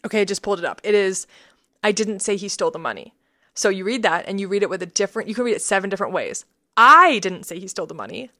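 A woman's voice: medium pitch, lively intonation, very fast. A woman co-hosting a faith podcast in casual chat, laughing often and acting out quotes. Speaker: podcast co-host.

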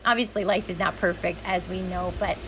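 A young adult woman from Western New York, a podcast guest talking in a gentle, earnest and effusive way. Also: fairly low pitch, steady tone, a little fast, background noise. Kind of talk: casual chat.

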